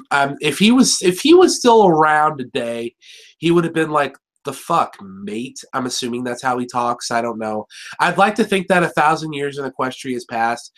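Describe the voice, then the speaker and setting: Young male host, average pitch, casual profane rambling review banter. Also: fairly bright tone. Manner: rambling, jokey and profane, full of fillers. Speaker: show host reviewing an episode. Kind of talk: casual chat.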